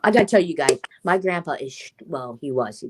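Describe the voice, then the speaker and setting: A young woman chatting casually, telling animated stories, swearing often and mimicking other people's voices. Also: deep voice, fairly quick, background noise. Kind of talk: casual chat.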